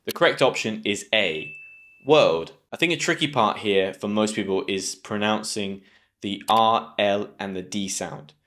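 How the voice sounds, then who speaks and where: A man with a British accent giving an online English pronunciation lesson, patient and clear, slowing down to drill each sound. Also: on the low side, fairly bright tone.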